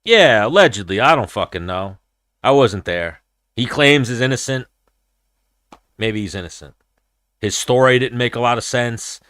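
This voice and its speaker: A man's voice: mid-range voice, expressive, moderate pace, pauses often, a bit bright, dry recording, clean studio sound. Blunt, profane man hosting a fight podcast. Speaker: podcast host. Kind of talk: casual combat-sports chat.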